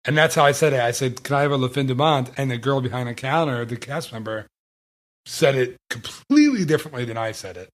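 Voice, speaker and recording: A man's voice: mid-range voice, expressive, fast talker. Easygoing man telling stories. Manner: easygoing storyteller, self-deprecating. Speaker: podcast host. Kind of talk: casual podcast chat.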